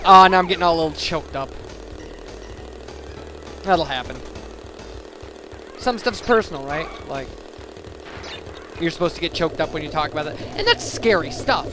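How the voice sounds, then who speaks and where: A man's voice: a little high, animated, normal speed, long pauses, noisy background. A young man giving casual, rambling let's play commentary, chatty and self-deprecating with lots of fillers. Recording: game music playing behind.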